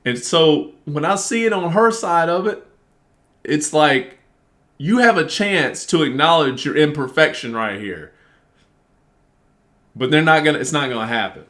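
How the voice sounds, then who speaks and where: Animated, profane man venting to camera. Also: a little high, measured pace, pauses often. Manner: animated, profane, reenacts arguments. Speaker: vlogger. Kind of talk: casual venting monologue.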